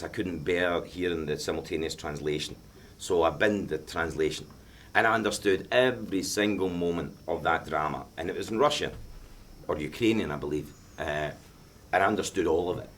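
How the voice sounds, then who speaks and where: A man's voice: low-pitched, a bit bright, a little hiss or hum. A middle-aged man with a Glaswegian accent, speaking passionately and emphatically in a post-screening question-and-answer session. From Scotland. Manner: passionate, emphatic, repeats himself. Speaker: film director being interviewed. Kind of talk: Q&A after a film screening.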